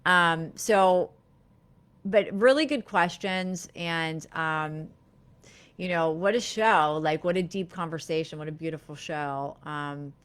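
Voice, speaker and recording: Speaking slowly in a low, clean-toned voice, a middle-aged therapist hosts a live-streamed show. Her delivery is gentle and reflective, dotted with many fillers and restarts.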